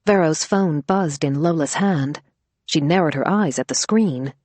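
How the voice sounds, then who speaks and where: A woman reading an audiobook in an even, measured way, her voice low and husky. The recording is close and dry. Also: no echo. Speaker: audiobook narrator. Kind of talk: scripted narration. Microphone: close studio mic.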